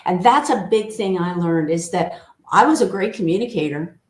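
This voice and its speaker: A woman in her sixties, a team culture coach, answering interview questions in a measured, thoughtful way. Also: lowish voice, animated. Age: older. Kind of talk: conversational interview. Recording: echoey room.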